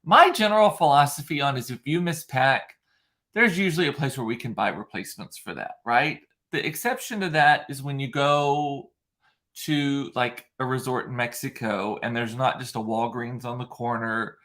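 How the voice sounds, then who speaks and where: A man's voice: medium pitch, moderate pace, a bit bright. A man in his thirties chatting casually to the camera at home, with wry, sarcastic asides. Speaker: vlogger. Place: at home, indoors.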